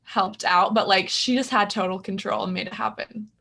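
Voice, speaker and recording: A woman's voice: mid-range voice, steady tone, moderate pace, gravelly, bright, forceful tone. A woman co-host chatting eagerly and casually about a birth video. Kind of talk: reaction video commentary.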